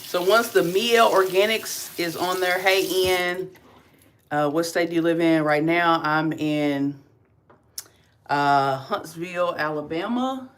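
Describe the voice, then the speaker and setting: A woman's voice: on the low side, slow. Middle-aged Kentucky woman, light Southern drawl, chatty livestream host talking viewers through each step. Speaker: beauty vlogger. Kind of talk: casual livestream tutorial.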